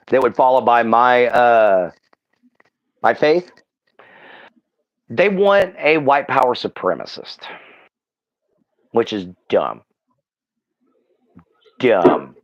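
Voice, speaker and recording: This livestream guest from Southeast Texas speaks with a Southern Texan drawl in a mid-range voice, chatting earnestly and wandering off track. He leans on fillers and keeps restarting sentences. The audio sounds slightly muffled and a bit dull in the highs.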